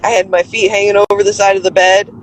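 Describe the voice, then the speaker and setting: A woman's voice: medium pitch, fast, slight background noise, rough recording. Chatty woman just out of surgery. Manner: animated storytelling, swears freely. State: drowsy after sedation. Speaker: patient home from surgery. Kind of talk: casual chat on a live call.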